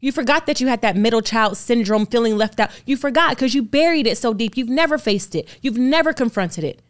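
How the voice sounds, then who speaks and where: Fairly quick and animated, her slightly high voice carries a candid podcast interview. She's an actor and producer in her thirties who speaks earnestly and with emphasis, often in strings of rhetorical questions.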